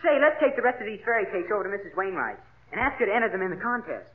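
An actor playing a cheeky, wisecracking younger brother in a 1950s radio comedy. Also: male voice, high voice, big pitch swings, rapid-fire. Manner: wisecracking, bratty. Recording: tinny vintage radio broadcast.

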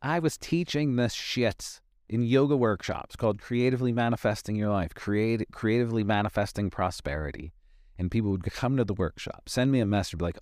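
A man's voice: on the low side, a little fast, darkish tone, no room sound, clean studio sound. A man hosting a motivational podcast, talking emphatically, repeating key lines for weight. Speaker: podcast host and life coach.

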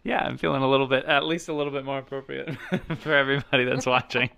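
A man's voice: mid-range voice, steady tone, quick pace, gravelly, crowd noise. A man co-hosting a casual family vlog podcast in a family bedroom, joking and playful. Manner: joking, playful, says "y'all". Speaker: co-host. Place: childhood bedroom in family home.

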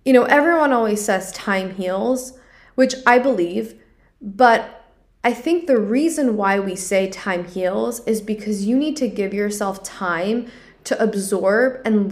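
Earnest young woman sharing a personal story. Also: mid-range voice. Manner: earnest, confessional, many "like" fillers. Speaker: podcast host. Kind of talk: personal reflective monologue.

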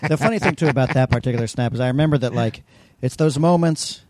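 Man, middle-aged, fast talker, mellow tone, dry close recording. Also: mid-range voice, no room sound. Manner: quick talker with frequent "like" fillers. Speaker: podcast co-host. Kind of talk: casual chat.

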